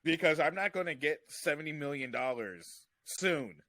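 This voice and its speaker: A man, a comedian, telling stories in animated, rambling casual chat on a podcast. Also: on the high side, moderate pace, no echo. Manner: animated, rambling storytelling with restarts.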